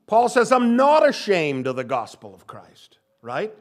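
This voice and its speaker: A man's voice: sits high, very animated, moderate pace, few pauses. An older male pastor giving a sermon, stressing and repeating key phrases. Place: church sanctuary.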